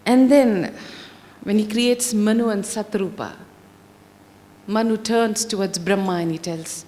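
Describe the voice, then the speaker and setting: A woman telling a scripture story in a slow, deliberate, expressive manner. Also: mid-range voice, slight background noise. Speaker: spiritual storyteller. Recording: long hall reverb.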